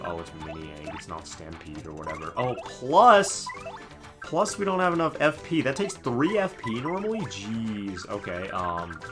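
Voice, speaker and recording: A young man giving jokey, rambling live commentary as he plays a video game. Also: lowish voice. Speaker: gaming streamer. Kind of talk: live let's play commentary.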